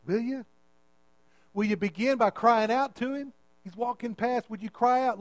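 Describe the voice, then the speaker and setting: A man's voice: extremely high pitch, moderate pace. A male pastor preaching an impassioned sermon into a handheld microphone in a church, pleading with his listeners. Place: church sanctuary.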